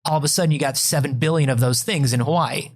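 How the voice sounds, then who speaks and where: Speaking fast in a higher-than-average voice, a man co-hosts a comedy podcast. He reads out statistics in a rambling way, constantly restarting and using lots of fillers, and the tone is casual and comedic.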